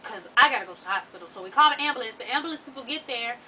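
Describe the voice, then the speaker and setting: A woman's voice: on the high side, racing, distant mic, a little hiss or hum, poor audio. A woman telling a long story to her viewers, laughing and swearing freely. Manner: profane, animated, laughs while telling. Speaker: vlogger.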